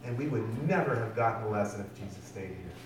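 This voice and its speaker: A man's voice: lowish voice, animated, fast talker. A man preaching a sermon in a conversational way, often putting questions to the congregation. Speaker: pastor. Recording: echoey hall from far off, faint noise.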